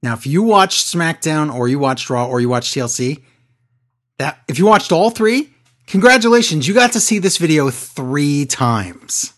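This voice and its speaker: A man in an easygoing podcast chat, recapping at a quick, lively clip. His voice leaps up and drops down as he gets worked up, shifting between excited bursts and mutters. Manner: excitable, animated storytelling with sudden pitch jumps. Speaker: podcast co-host. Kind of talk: casual wrestling recap chat.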